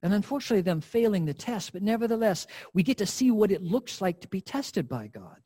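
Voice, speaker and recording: An earnest male preacher delivers a sermon and speaks straight to his listeners. His voice is husky and sits a little high for a man, and he stresses his points with emphasis. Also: big pitch swings, fairly quick, warm tone.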